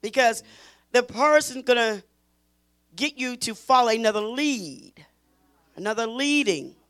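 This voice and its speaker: A woman teaching a Bible study in an emphatic preaching style, repeating phrases and pushing her voice toward a shout. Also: a little high, expressive, a little slow, smooth.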